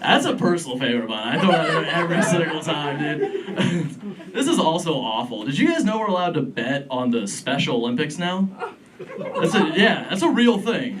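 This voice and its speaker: A man's voice: a little high, recorded from a distance. Young man, stand-up in a club. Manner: laughs at his own jokes, edgy and rambling. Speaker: stand-up comedian. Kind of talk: stand-up set. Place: comedy club stage. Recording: club room, crowd laughter. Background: audience laughter.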